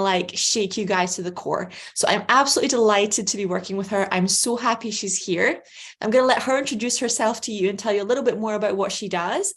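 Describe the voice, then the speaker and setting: Host: woman, excited and gushing, casual delivery, middle pitch. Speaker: host and mentor. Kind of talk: enthusiastic guest introduction.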